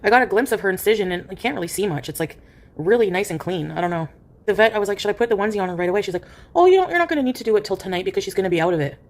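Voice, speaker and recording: Woman, casual livestream chat, rambling, says "like" a lot, medium pitch. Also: lively intonation, racing. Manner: rambling, with heavy use of "like"; coos softly to her cat in baby talk. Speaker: streamer.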